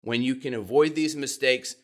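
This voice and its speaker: A man giving podcast speaking tips to camera, expressive and demonstrating changes in pitch and pace as he explains. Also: moderate pace. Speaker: podcast coach. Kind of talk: instructional talk to camera.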